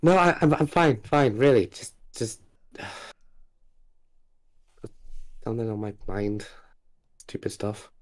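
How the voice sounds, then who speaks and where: A man's voice: mid-range voice, expressive, moderate pace, a little mellow, close to an everyday voice. A man voicing an anxious young woman adventurer in a tabletop role-play, hesitant and stammering as he brushes off worry. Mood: brushing off.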